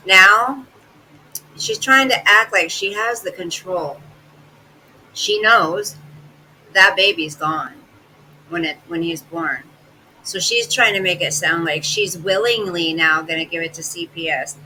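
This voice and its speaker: A reaction host talks back to clips with scorn and biting sarcasm. The voice is very bright and sharp, with a faint hiss underneath. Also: mid-range voice, measured pace, pauses often, rough recording. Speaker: commentary channel host. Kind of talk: mocking reaction commentary.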